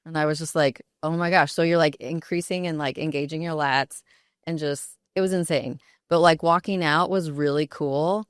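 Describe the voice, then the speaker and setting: A woman in her thirties, a podcast guest, telling stories in a chatty, animated way full of fillers. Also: sits low, moderate pace, clean tone, dry recording, clean studio sound. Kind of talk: casual conversational storytelling.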